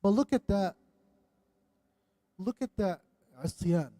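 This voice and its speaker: A man giving a religious lesson in a mosque, animated and questioning his audience, dropping Arabic religious phrases. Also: sits high, slow. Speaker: religious teacher. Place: mosque hall.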